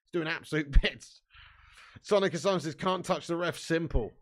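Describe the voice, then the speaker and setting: A man's voice: on the high side, moderate pace. A man hosting a live football watch-along. He reads chat comments aloud and talks in a casual, sweary way. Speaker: fan channel host.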